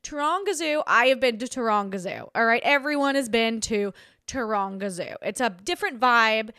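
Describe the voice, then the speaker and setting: A woman's voice: on the high side, lively intonation, moderate pace, pushed and bright, smooth, dry recording, studio quality. A young Australian woman hosting a podcast, chatting casually on her own, giggly and rambling with frequent restarts. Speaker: podcast host. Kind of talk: casual solo chat.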